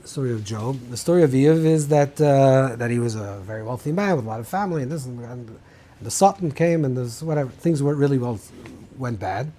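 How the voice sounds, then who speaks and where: Male rabbi, husky voice, loose teaching delivery, restarts often, mixes in Hebrew terms. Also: medium pitch, lively intonation, fairly quick, dark tone. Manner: thinking aloud, many restarts, mixes Hebrew terms into English. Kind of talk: informal Torah lecture.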